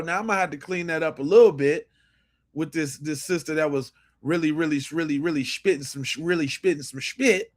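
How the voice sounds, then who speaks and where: A male podcast host reacting to clips in a blunt, cursing way, with a fairly high voice for a man. He restarts his sentences again and again as he makes his point. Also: fairly quick. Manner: blunt, profane, repeats and restarts phrases. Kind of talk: commentary on played video clips.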